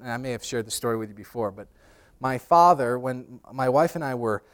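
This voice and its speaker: A man preaching a sermon, telling lively personal stories, acting out voices loudly and often repeating words as he restarts. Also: medium pitch, fairly quick. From New York. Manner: animated storyteller, acts out voices loudly. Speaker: pastor. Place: church sanctuary.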